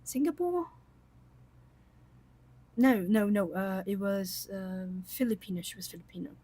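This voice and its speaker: A woman host chatting casually with her viewers on a livestream, rambling warmly with many fillers and little laughs. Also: mid-range voice, a little slow, husky. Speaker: coloring channel host.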